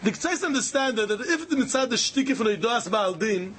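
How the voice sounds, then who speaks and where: A man giving an animated Talmud lecture, repeating key phrases for emphasis. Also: very high-pitched, a little fast, hardly any pauses, noisy background. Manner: animated, repeats phrases, mixes Yiddish and Hebrew terms. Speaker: Talmud teacher. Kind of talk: yeshiva-style Talmud lecture.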